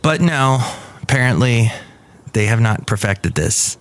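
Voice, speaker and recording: A man's voice: mid-range voice, animated, a little slow, fairly bright tone. A man hosting his own podcast in a chatty, rambling, self-mocking way. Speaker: podcast host. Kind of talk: casual chat.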